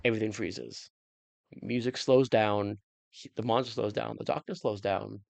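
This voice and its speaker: A man in a casual, jokey recap of a TV episode, rambling through his theories with sudden excited jumps in pitch. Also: normal speed, gravelly, dry recording, lo-fi sound. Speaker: reaction channel host.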